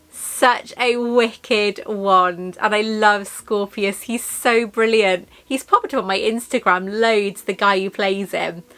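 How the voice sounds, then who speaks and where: Woman, vlogger, bright tense voice, gushing, rambling, laughs a lot. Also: mid-range voice. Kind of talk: casual chatty haul vlog.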